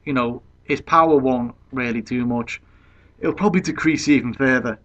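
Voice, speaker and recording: Man, casual fight-prediction talk, mid-pitched voice, dull lo-fi sound, chatty with fillers. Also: moderate pace, a bit bright. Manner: conversational, leans on "you know" fillers. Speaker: boxing pundit. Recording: dull lo-fi recording.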